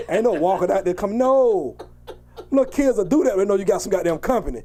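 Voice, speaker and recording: A man's voice: high-pitched, animated, fast, mellow. A man hosting a podcast, telling rowdy stories with lots of laughter and acted-out scolding. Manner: boisterous storytelling, laughing, acting out scolding. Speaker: podcast host. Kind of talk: casual podcast chat.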